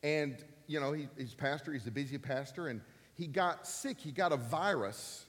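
A man's voice: fairly high pitch, normal speed. Emphatic preacher man in his fifties. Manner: emphatic, repeats key phrases, rising to loud peaks. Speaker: pastor. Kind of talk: sermon. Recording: long reverb of a church hall.

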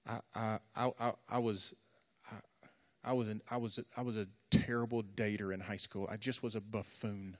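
A man's voice: lowish voice, flat delivery, moderate pace. A middle-aged man preaching to young people in an earnest, repetitive, conversational way. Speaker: youth pastor. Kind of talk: sermon. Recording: echoey hall.

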